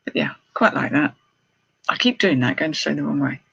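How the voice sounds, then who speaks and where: A woman's voice: low voice, expressive, fairly quick, vocal fry, a bit bright, slightly rough, dull audio. A middle-aged woman, chatting casually and exclaiming as she unboxes and talks to viewers on a live stream. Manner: chatty, exclaiming, thinking aloud. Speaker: jewellery reseller hosting a live haul stream.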